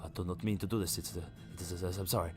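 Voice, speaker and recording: A man's voice: low voice, fairly even intonation, rapid-fire, music in the background, close to an everyday voice. A man voicing a frightened, apologetic man who stammers as he begs someone to stay so he can fix them, told within a tabletop game. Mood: pleading.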